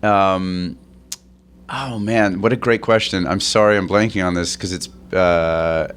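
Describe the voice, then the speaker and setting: A middle-aged man with a fairly low voice tells a long anecdote in a loose, rambling way. He stops and restarts often, laughs along, and jumps up in pitch whenever he quotes someone else. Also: fairly even intonation, measured pace, a bit bright, smooth. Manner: acts out others' lines in a raised voice. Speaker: interview guest, actor. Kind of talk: casual anecdote telling.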